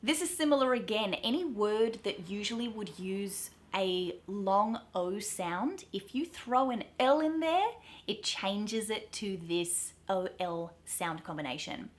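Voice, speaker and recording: Australian woman coaching pronunciation. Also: medium pitch. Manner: upbeat, explaining carefully, stretching out example words. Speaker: accent coach. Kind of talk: pronunciation lesson to camera.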